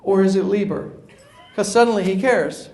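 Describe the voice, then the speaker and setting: High-voiced New man telling stories. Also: normal speed, slight background noise. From New York. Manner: animated storyteller acting out phone calls. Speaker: guest speaker. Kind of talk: humorous keynote talk. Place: conference room before an audience.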